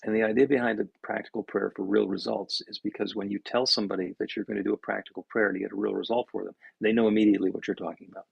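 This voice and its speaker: A man co-hosting a podcast as a minister, explaining in a halting way and often restarting his words. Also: on the low side, level tone, no echo, rough recording. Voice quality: gravelly, husky.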